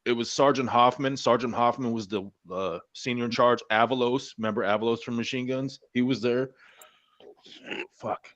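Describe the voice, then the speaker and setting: A man's voice: mid-range voice, steady tone, moderate pace, fairly bright tone, highs cut off. Profane, rambling man on a stream. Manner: heavy swearing, rambling, many restarts. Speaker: Marine veteran guest. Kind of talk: casual storytelling among friends.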